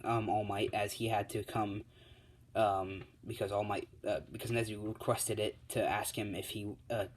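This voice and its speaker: A man's voice: lowish voice, poor audio. A man telling an improvised fan story in a casual, rambling way with many fillers.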